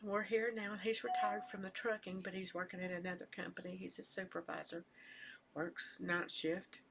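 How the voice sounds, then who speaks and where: An older woman chatting casually at home as a knitting vlogger, rambling and soft-spoken, sometimes trailing off into near-whispers. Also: on the low side, level tone, normal speed, vocal fry, heavy background noise. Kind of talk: casual chat.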